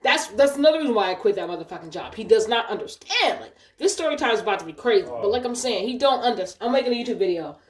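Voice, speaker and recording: A woman vlogger telling a casual, animated storytime in a blunt, profane way. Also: a little high, fast, few pauses. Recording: roomy echo.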